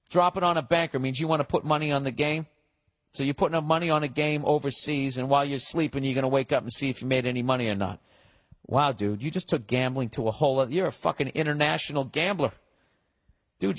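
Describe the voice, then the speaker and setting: A middle-aged podcast host with a mid-range voice reads listener letters in a casual, profane, sarcastic rant, arguing with himself over the details. The sound has no echo.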